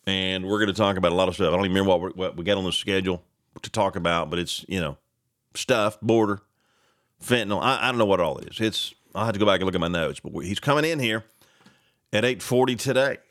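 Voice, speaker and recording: Rambling radio host, dry studio sound. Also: male voice, deep voice, fast, no echo. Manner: animated, rambling, reads news aloud with reactions. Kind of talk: casual morning radio chat. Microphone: studio microphone.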